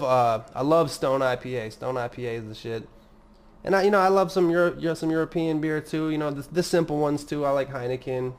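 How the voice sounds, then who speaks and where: A man hosting a casual solo podcast, rambling and swearing as he mocks himself. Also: mid-range voice. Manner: rambling, profane, self-mocking. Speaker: podcast host.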